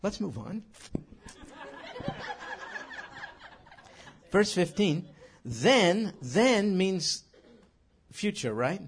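A man teaching scripture in an animated sermon, emphatic and full of rhetorical questions. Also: high-pitched, slow pace, gravelly, breathy edge. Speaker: Bible teacher.

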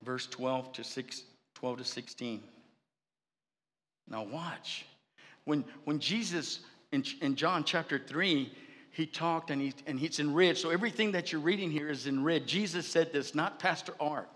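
A man's voice: on the high side, unhurried, fairly bright tone, big-room sound. A man preaching a sermon as pastor, building with fervor and repeated phrases. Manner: preaching with rising fervor and repetition.

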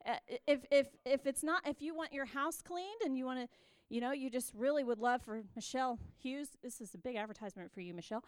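A high-voiced woman speaks from the front of a church in an earnest, exhorting teaching style. She repeats her key phrases for emphasis and the sound stays close and dry. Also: fast, smooth, no echo.

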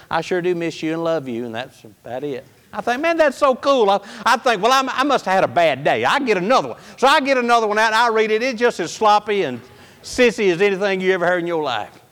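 A preacher with a high voice tells a personal story as his sermon, in a folksy, animated style that leaps to loud outbursts and sinks to hushed, near-whispered lines. A long hall reverb colors the sound.

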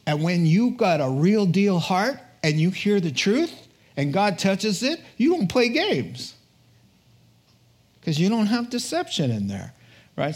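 A male preacher telling scripture stories in a loose, conversational way, tossing in asides and acting out the characters. His voice sits a little high for a man and keeps an animated bounce. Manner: animated, casual retelling with asides and acted quotes. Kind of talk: sermon storytelling.

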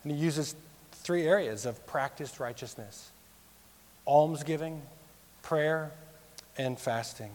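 A man in his thirties delivers a sermon in a fairly high voice. He swings from loud, lifted emphasis down to low, hushed lines. The long echo of a big hall trails after his words. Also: takes it slowly, pauses often. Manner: expressive, rising for emphasis and dropping low for serious points. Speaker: pastor.

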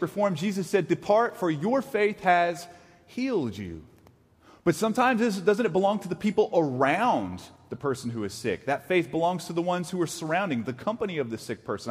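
A middle-aged man preaching a sermon in a conversational, animated way, acting out short quotes as he teaches. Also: a little high, a little fast, few pauses, slightly rough, big-room sound. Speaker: pastor.

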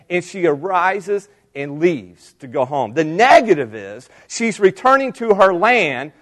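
A man with a notably high-pitched voice preaches a sermon. He asks his listeners question after question and carries them along with animated delivery. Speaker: pastor.

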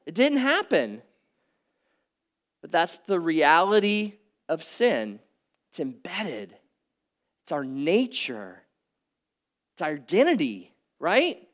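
A middle-aged man preaching a conversational sermon, swinging from emphatic peaks to quiet asides. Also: fairly high pitch. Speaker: pastor. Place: church hall with audience.

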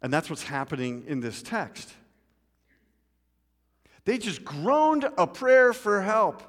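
A man preaching in a church, his voice sitting a little high for a man. He tells his story with big swings, from loud, urgent pleading down to quiet asides. The sound carries a long hall reverb. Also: sing-song, slow, pauses often. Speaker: pastor. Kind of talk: sermon. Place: church sanctuary.

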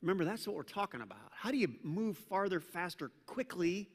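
A middle-aged man preaching a sermon as a pastor, telling stories in a playful, animated way and now and then barking out loud mock commands. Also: sits high, brisk, hardly any pauses, slightly rough. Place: church sanctuary. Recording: long reverb from a large church hall.

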